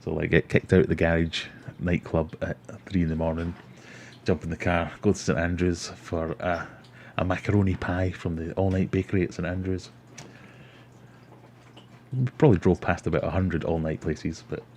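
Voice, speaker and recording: A man's voice: low voice, flat delivery, normal speed, darkish tone, a little hiss or hum. A middle-aged Scottish man hosting a casual livestream, rambling chattily and reading out viewer comments. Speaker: livestream host. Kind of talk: casual live-stream chat.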